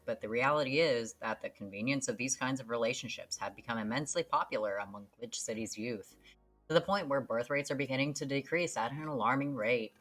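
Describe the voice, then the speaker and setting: A woman's voice: a bass voice, a bit bright. A woman putting on a formal newscaster voice while reading game news articles aloud. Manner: formal newsreader delivery. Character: smooth adult female TV newscaster.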